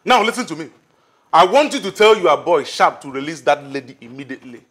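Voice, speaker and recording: A firm, threatening man. His voice is bright and a little high, and he issues demands flatly. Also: fairly quick.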